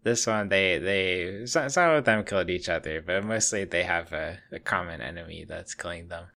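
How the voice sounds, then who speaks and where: A man's voice: deep voice, normal speed, gravelly, bright, forceful tone. A man co-hosting a casual anime podcast, laid-back with short replies and dry humor. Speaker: podcast co-host. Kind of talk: casual chat about anime.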